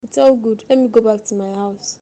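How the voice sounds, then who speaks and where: A woman plays a domineering older Nigerian mother in a cartoon, who scolds and pushes her daughter with a bossy manner. She has a dark, mellow tone at a middle pitch. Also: fairly even intonation, fairly quick, close to an everyday voice. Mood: indignant. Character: pushy money-minded older mother-in-law. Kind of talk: cartoon voice acting.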